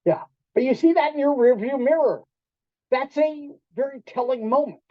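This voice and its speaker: A man giving a storytelling talk to an audience in a restaurant event room, animated, acting out quoted voices and quizzing the listeners. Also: very high voice, moderate pace, no echo. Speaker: keynote speaker. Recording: dull lo-fi dry sound.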